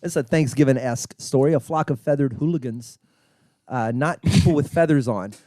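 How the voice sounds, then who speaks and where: A man's voice: mid-range voice, normal speed, mellow, dry recording, studio quality. A man from Texas hosting a comedy podcast, reading odd news stories aloud with joking asides and frequent laughs. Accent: Texan. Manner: reads stories aloud with jokes, laughs often. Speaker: podcast host running a game.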